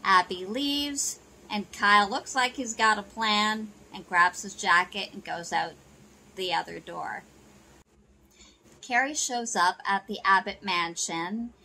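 On a low-quality recording with slight background noise, a woman recaps a soap opera episode in a sharp, mid-range voice, taking her time. Her casual plot narration is sprinkled with "you know" and "she goes."

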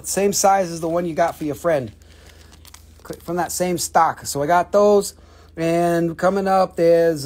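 Husky, joking live-stream rock seller. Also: medium pitch, a little mellow. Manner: joking, profane, rambling sales patter. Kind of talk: casual live sales chat.

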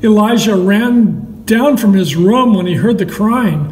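A man reading a Bible story aloud to children in a slow, measured storytelling way. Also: sits high, a little mellow. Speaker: Sunday school storyteller. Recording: echoey hall, mic far off.

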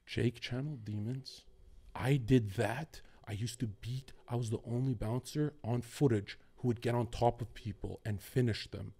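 A man chatting as a podcast guest, excitable and boastful, swearing freely and jumping between topics. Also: mid-range voice, breathy edge. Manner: profane and boastful. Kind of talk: casual podcast chat.

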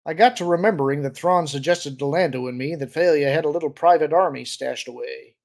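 A man's voice: on the high side, brisk, creaky, darkish tone. A man voicing a cocky, roguish male pilot in an audiobook reading, offhand and pleased with himself. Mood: smug.

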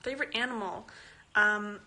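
A mid-range, fairly evenly pitched voice at normal speed, pushed and bright, belongs to a fourteen-year-old Canadian girl who works as a young actress. She chats casually and giggles while reading fan questions aloud on a phone live stream, the phone held at arm's length.

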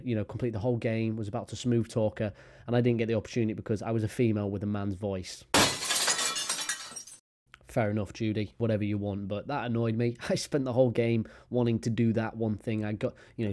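A young man chatting to his viewers in a loose, rambling way, full of fillers and casual swearing. His voice is low-pitched and dark, with a mellow tone. He sounds like a gaming creator thinking aloud. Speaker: gaming YouTuber. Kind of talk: casual chat to camera.

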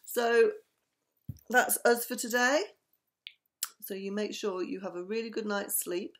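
A woman's voice: medium pitch, a little slow. A woman reading a children's bedtime story aloud and signing off to the children listening. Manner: warm sign-off to family children. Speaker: storybook reader.

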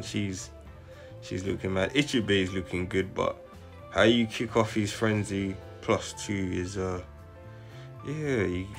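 A young man, giving slang-heavy, excitable commentary straight to his viewers. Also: on the low side, creaky. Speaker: gaming channel host. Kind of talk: casual live commentary.

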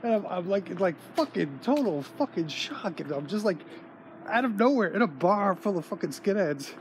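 An excited man rambles and swears his way through a story in a fairly high voice, recorded on a handheld phone outdoors. Loud street noise and passing traffic sit under his voice throughout. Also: moderate pace. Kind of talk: casual vlog monologue. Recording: noisy street background.

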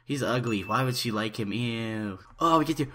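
A man's voice: mid-range voice, normal speed, pushed and bright. A young man doing parody let's-play commentary, stammering and overhyped in a mock-earnest way. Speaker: YouTuber.

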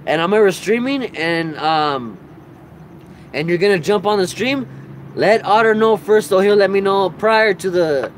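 A man's voice: high-pitched, measured pace, a little hiss or hum. A man streaming live, chatting casually, laughing a lot and swearing freely.

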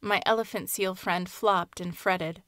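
Soft-spoken woman reading a story. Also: fairly low pitch, fairly even intonation, no echo, clean studio sound. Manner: soft, hushed, measured reading. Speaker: audiobook narrator. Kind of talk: scripted fiction narration.

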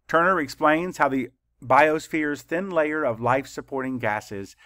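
Slow, deliberate man teaching spelling. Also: on the high side, fairly bright tone, no echo, studio quality. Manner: slow, deliberate letter-by-letter dictation. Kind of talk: spelling lesson for children.

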